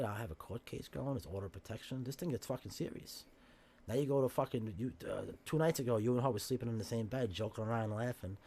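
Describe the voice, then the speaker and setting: A man's voice: fairly low pitch, warm tone, slight background noise. A man with a New York accent talking heatedly as a podcast guest, swearing often and acting out what others say. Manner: fast, profane, acts out quoted voices. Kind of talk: heated casual chat, profane.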